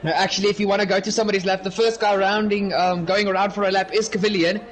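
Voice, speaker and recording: A young man giving casual, chatty race commentary, giggling and breaking off with quick apologies. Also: sits high, little pitch movement. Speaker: sim racing commentator.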